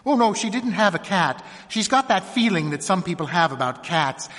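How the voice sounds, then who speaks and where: A man's voice: high-pitched, big pitch swings, moderate pace, a bit bright, big-room sound, pitched above the performer's own voice. A man reading a story aloud, voicing a nervous sheriff's wife in a thin, hesitant voice. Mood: timid, troubled. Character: timid, nervous farm-country sheriff's wife.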